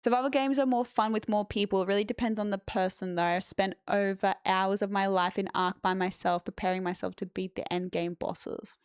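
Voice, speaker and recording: A woman's voice: mid-range voice, steady tone, a little fast, hardly any pauses, clean tone, no room sound. A young woman streamer chatting casually with her viewers and answering chat on a close mic.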